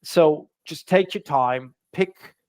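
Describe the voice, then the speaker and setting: A man with a fairly high voice chats as a guest on a video call. He hesitates, restarts and leans on fillers as he talks. The sound is dry and close. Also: slow, no room sound. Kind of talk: casual interview chat.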